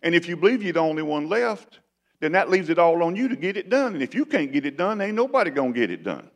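A man preaching a sermon as pastor, with folksy, animated delivery. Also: on the high side, quick pace. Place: church sanctuary. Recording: long church reverb.

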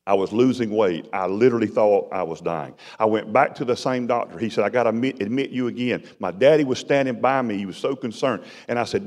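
A middle-aged man delivers a sermon testimony, his lowish voice rising loud and dropping to a hush as he tells the story. The sound rings with long reverb, like a large church hall. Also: fairly quick, hardly any pauses. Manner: dramatic storytelling, swings from loud to hushed. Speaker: preacher.

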